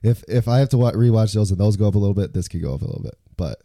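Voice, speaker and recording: A man with a very dark, mellow voice, hosting a casual movie review podcast. He jokes around and laughs often, with a fairly low pitch. The sound is dry and close. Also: racing, no echo. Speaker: podcast host.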